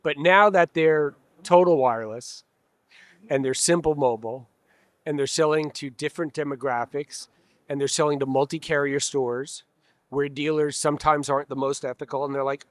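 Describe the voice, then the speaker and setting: Wry, candid man with a bright voice. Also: a little high, fairly even intonation, normal speed, no room sound. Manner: candid, wry, acts out customers and dealers in quotes. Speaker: trade association president, guest. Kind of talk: conversational interview. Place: expo hall.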